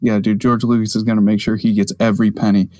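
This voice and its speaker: A man co-hosting a podcast, chatting casually with quick, opinionated, joking asides. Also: lowish voice, flat delivery, mellow, no echo. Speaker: podcast co-host. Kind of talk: casual chat.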